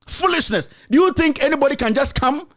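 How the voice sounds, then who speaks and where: A Ghanaian man hosts his own commentary show and delivers a furious political rant. His voice sits unusually high for a man. He scolds and insults, repeating the same jabs over and over. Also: lively intonation, fairly quick, fairly bright tone.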